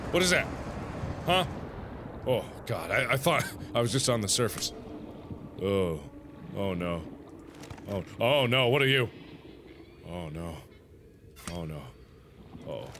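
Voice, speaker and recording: A man's voice: mid-range voice, sharp tone, a little hiss or hum. A man commentating his own gameplay, nervous and easily startled, with panicky exclamations and nervous laughs. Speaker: let's play host. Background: game music.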